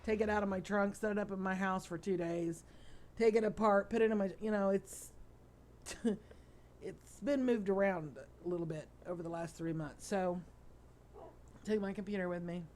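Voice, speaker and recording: A woman's voice: mid-range voice, fairly even intonation, normal speed, darkish tone. A middle-aged woman hosting a let's play, tired and yawning as she rambles through chatty stories while she plays. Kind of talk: casual gameplay chat.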